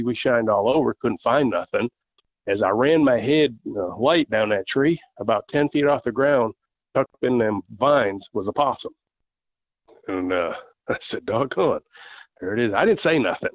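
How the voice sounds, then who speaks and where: A man, a podcast guest telling hunting stories in an unhurried, folksy way. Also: lowish voice, no room sound, muffled recording. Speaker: guest, coonhound handler. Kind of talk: storytelling in casual interview.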